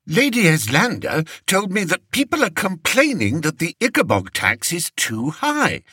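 A man voicing a vain, anxious young king who speaks in a high, plaintive way, in an audiobook. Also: wildly swooping pitch, normal speed, pushed and bright, husky, dry recording, clean studio sound, heavily acted. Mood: fretful. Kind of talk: audiobook character voice.

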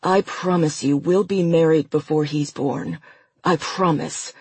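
A desperate man begging his lover to stay, as a narrator voices him. The voice is slow and husky, urgent underneath, recorded dry and close. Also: medium pitch, fairly even intonation, a little mellow, dry recording. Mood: pleading. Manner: pleading, urgent. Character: desperate man, pleading then furious lover.

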